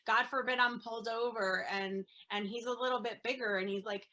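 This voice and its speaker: A woman speaking as an interview guest, an earnest mother talking in a halting way with many fillers and restarts. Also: fairly high pitch, steady tone, sharp tone, low-quality recording. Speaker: guest, autism mom. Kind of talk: casual interview chat.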